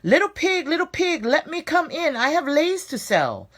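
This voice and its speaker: A woman voicing a hungry, scheming male magic shark in a storybook reading, with coaxing sing-song calls and loud threats. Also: high voice, sing-song, moderate pace, voice pushed up.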